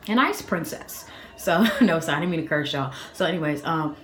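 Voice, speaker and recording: A young woman from the Boston area recounts a story in a chatty, animated way, full of fillers and restarts. Her voice sits a little low, and her phone picks up an echoey room with a faint hum of noise behind her. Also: brisk. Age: young adult. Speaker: vlogger. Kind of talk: storytime vlog.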